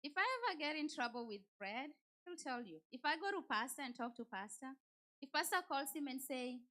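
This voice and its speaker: Woman, fairly high voice, straightforward and lively, motivational church talk, personal stories. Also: fairly quick. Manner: direct and animated, telling personal stories. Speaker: women's day speaker.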